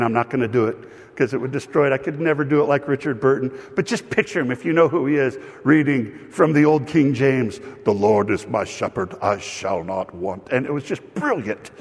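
A man preaching a sermon as pastor, telling stories with lively asides to the congregation. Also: mid-range voice. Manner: animated storytelling with asides. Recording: long hall reverb.

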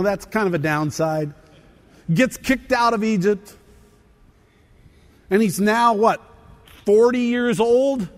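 A man's voice: high voice, in a large hall. A man preaching a sermon to a church, acting out the voices in the scripture stories as he goes. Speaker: pastor.

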